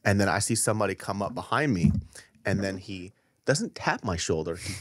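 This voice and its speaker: A man's voice: sits low, brisk, dry recording. A man hosting a podcast, telling an irritated, profane story in casual chat and acting out the people in it, on a studio mic. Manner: animated storytelling, acts out quoted people. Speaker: podcast host. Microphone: studio microphone.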